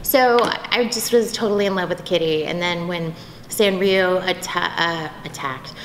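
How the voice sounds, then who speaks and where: A woman voice actress telling stories in a convention interview, bubbly and animated, slipping into quick impressions. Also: fairly low pitch. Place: convention venue. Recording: echoey convention room, faint background noise.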